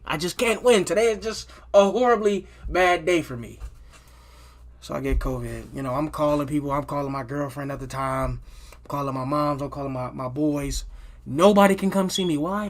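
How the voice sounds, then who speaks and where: Chatty man telling a story, voice sitting high. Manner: loose and profane, with many restarts and "you know what I'm saying" tags. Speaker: vlogger telling a personal story. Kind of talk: casual storytime monologue.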